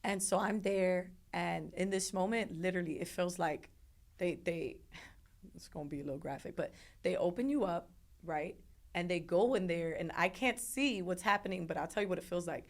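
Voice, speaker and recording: A woman's voice: fairly low pitch, moderate pace. Young woman, interview guest, earnest heartfelt storytelling, repeats words. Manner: earnest, repeats words, acts out others' voices. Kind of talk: emotional personal storytelling.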